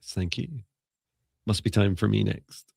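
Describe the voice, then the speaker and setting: Gravelly low-voiced man musing on a live stream. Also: fairly even intonation, measured pace, a little mellow, no echo. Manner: rambling, musing, laughs often, self-correcting. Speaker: psychic mentor and live show co-host. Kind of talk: casual live-stream chat.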